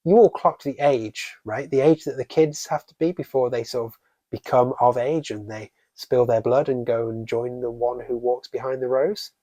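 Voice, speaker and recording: A man's voice: mid-range voice, fairly even intonation, normal speed, warm tone, dry recording. Male reviewer, sarcastic, casual swearing, dry close recording. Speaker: horror book and film reviewer.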